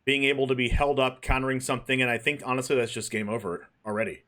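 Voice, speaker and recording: A mid-pitched male streamer joins the broadcast as co-commentator, chatting loosely about the plays. His delivery is casual and conversational. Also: quick pace. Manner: chatty, relaxed color commentary. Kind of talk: live game commentary.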